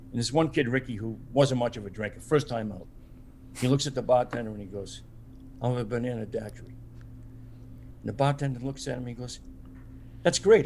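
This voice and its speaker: A man's voice: mid-range voice, slight background noise. A man, a plumber, telling folksy stories and chuckling in a casual podcast chat. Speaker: plumber guest.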